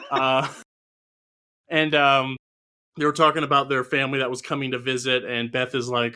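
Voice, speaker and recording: A man chatting on a podcast, walking through a movie scene by scene from his notes. His voice is bright and forceful, and his humor stays dry and understated. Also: mid-range voice, unhurried, long pauses. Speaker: podcast co-host. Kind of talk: casual chat, recapping a movie from notes.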